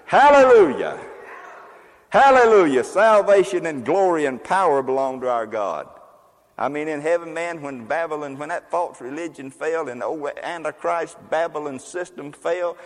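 A man preaching a sermon as a pastor, emphatic and fiery, with loud exclamations and quieter asides. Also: medium pitch, in a large hall.

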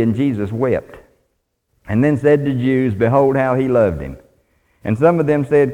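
A man preaching in a folksy, plainspoken way, reading scripture as he goes. His voice sits at a middle pitch and carries a long reverb off the walls of a church hall. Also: moderate pace, warm tone. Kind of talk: sermon.

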